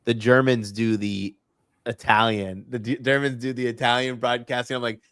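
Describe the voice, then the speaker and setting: A laid-back man co-hosting a podcast, at an average pitch. He grumbles in casual slang, and his voice sounds dry and close, with no room echo. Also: level tone, normal speed, fairly bright tone, clear, resonant tone. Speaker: podcast co-host. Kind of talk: casual chat about soccer.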